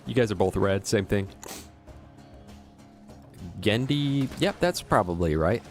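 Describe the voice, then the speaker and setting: A young adult male streamer with a fairly low voice. He rambles through jokes and stories to his chat. His pitch moves a lot as he talks. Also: lively intonation, slow pace, soft background music. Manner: rambling, joking asides to chat. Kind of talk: casual live gameplay commentary.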